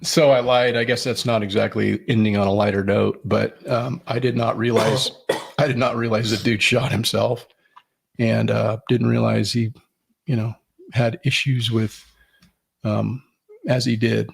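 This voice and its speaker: A man hosting a podcast in casual chat, talking in a halting way with many fillers and restarts. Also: lowish voice, level tone, creaky, slightly rough. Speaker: podcast host.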